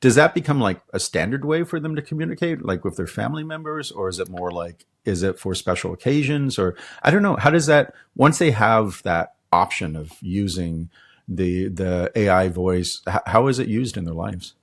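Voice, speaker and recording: A man's voice: lowish voice, lively intonation, moderate pace. A man hosting a podcast interview, asking curious, rambling questions. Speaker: podcast host.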